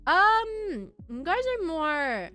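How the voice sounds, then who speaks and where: A woman's voice: very high-pitched, sing-song, very slow, sharp tone. A young woman streaming, chatting casually and giggling as she reads and answers her chat. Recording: faint music behind.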